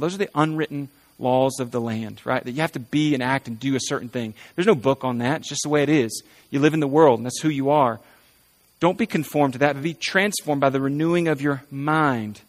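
A man's voice: medium pitch, a little fast. A male pastor preaching a conversational sermon, asking rhetorical questions and often adding "right?".

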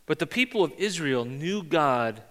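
A young man, a pastor, preaching a sermon and telling a personal story in an animated way, acting out the dialogue. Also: a little high, moderate pace, long reverb tail.

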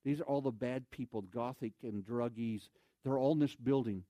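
A man telling a story in a sermon as an evangelist, animated, with loud exclamations and quoted voices. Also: mid-range voice, normal speed, dry recording.

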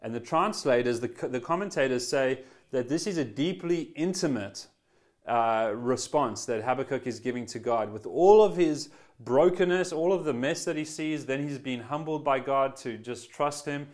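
A man preaching a sermon as pastor, earnest and conversational, often restarting phrases and swinging between loud and hushed emphasis. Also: medium pitch, moderate pace. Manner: voice swells then drops to quiet emphasis.

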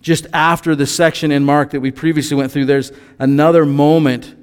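Male pastor, conversational sermon delivery with a slightly high voice, recorded in a reverberant hall. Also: flat delivery, normal speed, smooth. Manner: conversational, reads scripture then explains it with asides.

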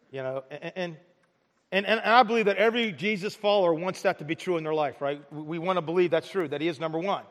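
A man's voice: high voice, fast. A male pastor preaching a sermon, with many stammering restarts and rhetorical questions to the congregation. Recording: long hall reverb.

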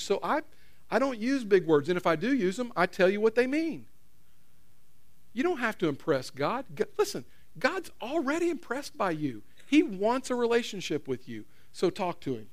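A man's voice: high-pitched, very animated, normal speed. A middle-aged man preaching a casual, conversational sermon in a church, repeating phrases and putting questions to the congregation. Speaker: pastor.

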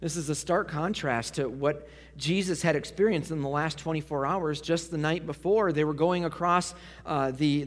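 A man's voice: on the high side, normal speed. Preacher man in a reverberant hall. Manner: dramatic swings from loud to hushed. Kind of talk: sermon.

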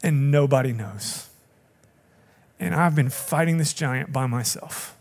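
A man's voice: medium pitch, measured pace. A middle-aged man preaching a sermon, earnest and building to emphatic appeals to the congregation. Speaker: pastor.

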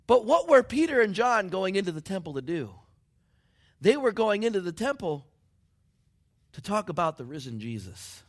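A man preaching a sermon, dropping to near whispers and building up to excited shouts. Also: high-pitched, moderate pace, pauses often. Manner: dramatic swings from hushed to shouting. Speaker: pastor.

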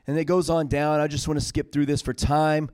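A man's voice: fairly high pitch, flat delivery, fairly quick, a little mellow, no echo. A man preaching a sermon, retelling scripture in casual paraphrase and building to emphatic peaks.

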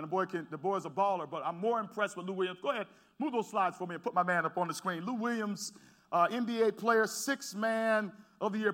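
A male pastor preaching a sermon. He moves between quiet storytelling and shouted preaching, repeats words as he builds, and talks straight to his congregation. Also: high voice. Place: church.

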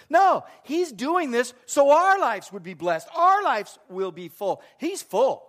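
A middle-aged male pastor with a high voice delivers a sermon in church. He speaks earnestly and breaks up the preaching with joking asides. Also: very animated, a little slow, a bit bright.

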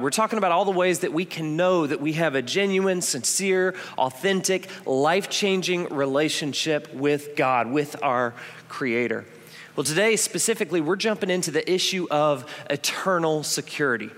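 A pastor in his thirties preaches a sermon in a church auditorium, telling stories conversationally and driving points home through repetition. His voice is a little high and fairly bright. The church hall gives the recording a long reverb.

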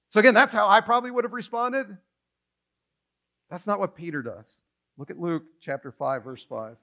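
Male pastor, slightly high voice, animated sermon delivery with stammered restarts. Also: normal speed, pauses often. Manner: animated, acts out dialogue, some stammering restarts. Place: church stage.

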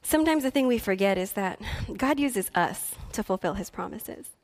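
A woman's voice: mid-range voice, lively intonation, moderate pace. A woman preaching a sermon, telling a personal story earnestly and building to impassioned declarations. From Philippines heritage. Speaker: pastor.

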